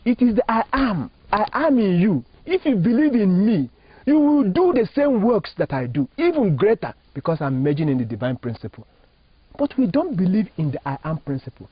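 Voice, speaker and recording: Man from Nigeria, Catholic priest; high and very animated delivery, slightly husky; emphatic preacher cadence, dull dry lo-fi recording. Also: no room sound. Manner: emphatic, preacherly, rising and falling phrasing, asks rhetorical questions. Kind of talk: spiritual teaching in an interview.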